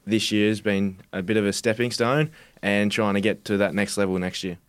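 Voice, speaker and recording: A man's voice: on the low side, little pitch movement, moderate pace, clean tone, dry recording. A young Australian man, a footballer, speaking in a laid-back, plain way in a podcast interview. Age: young adult. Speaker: footballer guest.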